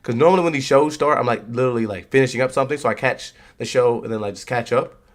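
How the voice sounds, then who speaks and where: A young man streaming his reaction to wrestling talks fast and directly to his chat, loose, relaxed and full of slang, like he's just hanging out with viewers. His voice is at a typical middle pitch for a man and stays casual and conversational.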